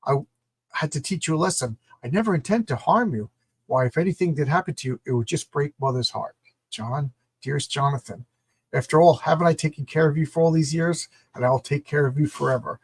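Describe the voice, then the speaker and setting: A man's voice: fairly high pitch, brisk, breathy edge, no room sound. A man voicing a spoiled genius boy, mock-sweet and condescending.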